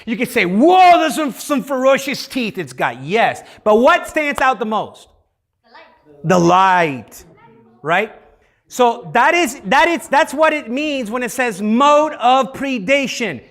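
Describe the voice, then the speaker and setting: A man's voice: very high-pitched, very animated, takes it slowly, fairly bright tone. A man leading youth group teaching in a playful, interactive way, having the room repeat key words.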